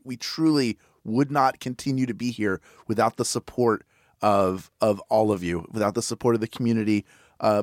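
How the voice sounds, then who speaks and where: A man co-hosts a podcast and makes a playful, upbeat pitch to listeners. His voice sits at a middling pitch. The recording is dry and close with no room sound. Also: dry recording. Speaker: podcast co-host. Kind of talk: casual podcast chat, fundraising pitch.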